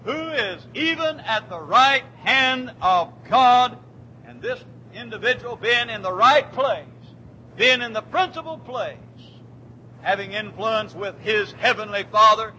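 A man preaching a sermon in a church, fervent, swinging from quiet, drawn-out words to shouted declarations. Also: high-pitched, slight background noise, rough recording.

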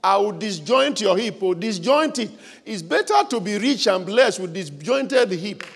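A male preacher delivering a fervent revival sermon, shouting repeated calls for the congregation to pray aloud. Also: high-pitched, animated, unhurried, vocal fry. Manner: fervent, repetitive exhortation.

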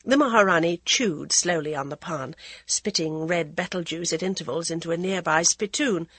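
A woman narrates a novel in a steady, even storytelling voice with a husky, breathy grain. The sound is dry and close, with no room around it. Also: fairly low pitch, moderate pace, no room sound. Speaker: audiobook narrator. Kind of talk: scripted narration.

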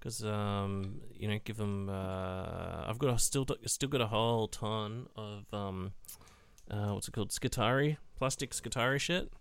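Smooth-voiced man rambling casually. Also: fairly low pitch, measured pace, dry recording. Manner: rambling, lots of fillers and swearing. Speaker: podcast co-host. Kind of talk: casual chat among hobby gamers.

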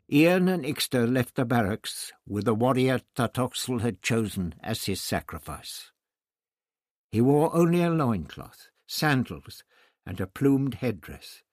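A man reads an audiobook slowly and carefully. His pitch moves with expression. The recording is dry and close to the mic. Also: no room sound. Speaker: narrator. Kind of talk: audiobook narration.

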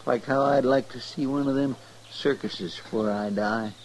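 A man's voice: medium pitch, normal speed, slight background noise, natural voice, poor audio. A man as a folksy, worried sidekick. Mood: wistful. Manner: folksy, ungrammatical, worried chatter. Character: folksy, simple-hearted male deputy sidekick. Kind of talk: 1950s radio drama acting.

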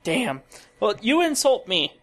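A man's voice: high voice, big pitch swings, unhurried, crowd noise. A man co-hosting a casual podcast chat, easygoing and a bit hesitant, throwing in dry jokes. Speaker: podcast co-host.

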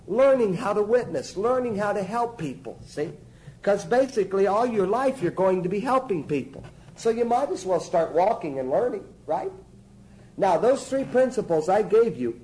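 A man's voice: high voice, mellow, a little hiss or hum, poor audio. A man preacher teaching a church class in an emphatic, folksy way, often checking in with his listeners. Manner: emphatic, folksy, keeps asking "see?".

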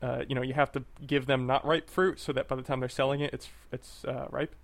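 A man's voice: mid-range voice, flat delivery, brisk, gravelly. A man co-hosting a podcast in casual chat, rambling with hesitations. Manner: rambling, hesitant, lots of fillers and restarts. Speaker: podcast co-host.

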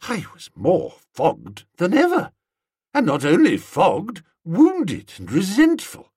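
A man's voice: a little high, breathy edge, no room sound, clean studio sound. A man narrating a comic novel in the first person, wry and playful. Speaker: audiobook narrator.

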